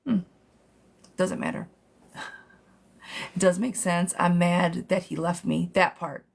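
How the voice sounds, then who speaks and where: A woman's voice: fairly low pitch, steady tone, slow pace, vocal fry, husky. Blunt woman giving a live tarot reading. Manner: blunt, direct, calls the viewer "girl"; casual, with swearing. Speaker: tarot reader.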